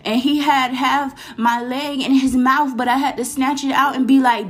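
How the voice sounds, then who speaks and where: A woman from Florida with a Florida accent, giving a casual, animated faith talk to camera, slangy and quoting scripture. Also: sits high, normal speed, few pauses, soft background music. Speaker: Christian vlogger.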